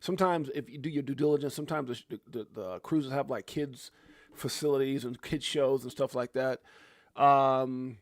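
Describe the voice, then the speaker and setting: A man's voice: mid-range voice, moderate pace. A man in his forties hosting a livestream, casually reading out and answering viewer comments, laid-back and chatty. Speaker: livestream host.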